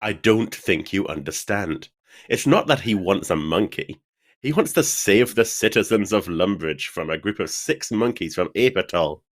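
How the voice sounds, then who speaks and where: Guy reading a game hero, earnest, lowish voice, formal lines. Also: expressive, moderate pace.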